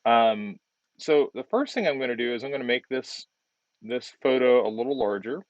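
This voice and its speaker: A male design instructor giving relaxed feedback on a student's project while demonstrating on screen, often repeating words as he works. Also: medium pitch, normal speed, dry recording, dull audio.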